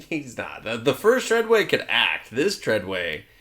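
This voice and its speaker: Man co-hosting a movie review podcast, bright voice, lively swinging pitch, profane jokes, silly character voices. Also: a little slow, slight background noise. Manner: profane, jokey, acts out characters in exaggerated voices. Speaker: podcast co-host. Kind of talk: casual comedic movie review chat.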